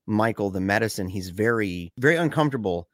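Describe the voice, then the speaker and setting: A man chatting casually on a podcast, animated and quick to rise in pitch, dropping low and quiet for serious stories, with frequent stammers and restarts. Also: no echo, clean studio sound. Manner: animated, pitch jumps up when excited, drops low and quiet for somber stories. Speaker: podcast co-host discussing a film. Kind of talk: casual conversational discussion.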